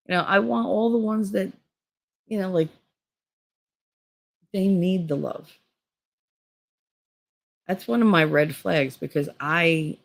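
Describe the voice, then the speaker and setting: Her voice low and gravelly, a middle-aged vlogger rambles through a casual, candid monologue. She laughs often and swears without restraint.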